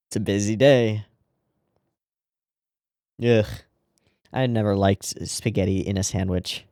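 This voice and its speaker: A man's voice: on the low side, darkish tone, no room sound, studio quality. A man hosting an anime reaction channel, giving casual commentary with short murmured interjections and wry asides.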